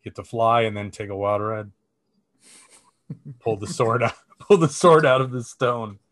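A man's voice: medium pitch, unhurried, fairly bright tone. Rambling, swearing young man chatting. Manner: rambling storyteller, swears freely, many fillers. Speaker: podcast co-host. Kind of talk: casual chat.

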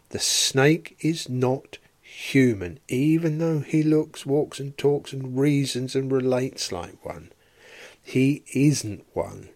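Slow, measured man teaching scripture. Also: mid-range voice, a little mellow. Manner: measured, explanatory, rhetorical questions. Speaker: Bible teacher. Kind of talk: solo Bible study podcast.

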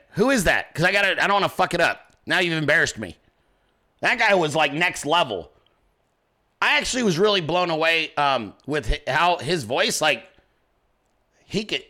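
A man hosting his own show, chatting casually in a rambling, profane, excitable way. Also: a little high, normal speed. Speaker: podcast host. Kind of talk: casual chat.

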